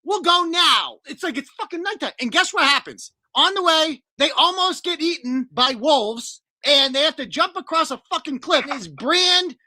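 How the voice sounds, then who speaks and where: A man's voice: extremely high pitch, lively intonation, moderate pace, few pauses, sharp tone, dry recording. A man delivering a profane, exasperated comedic rant as a radio host.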